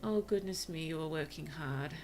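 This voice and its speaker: A tired woman streamer gently chatting with her viewers during gameplay, softly spoken and often dropping to a whisper. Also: low voice, moderate pace, slight background noise. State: tired, yawning. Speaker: virtual streamer. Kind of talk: casual gameplay commentary to chat.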